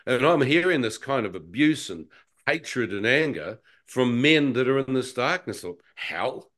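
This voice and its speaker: Man, guest, animated storyteller who acts out his own thoughts, mid pitch. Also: normal speed. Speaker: guest telling a near-death testimony. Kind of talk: conversational personal testimony.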